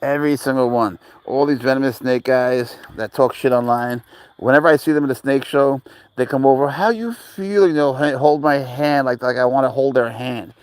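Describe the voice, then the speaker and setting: A man's voice: mid-range voice, steady tone, a little fast, smooth, dry recording. A man livestreaming while walking his cat outdoors in a park, talking casually in a blunt, profane, rambling way and answering chat messages aloud.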